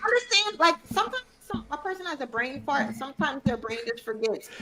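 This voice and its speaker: A woman's voice: high-pitched, big pitch swings, fairly quick, a crowd in the background, poor audio. A woman co-hosting a TV review show in casual chat, laid-back, explaining and chiming in.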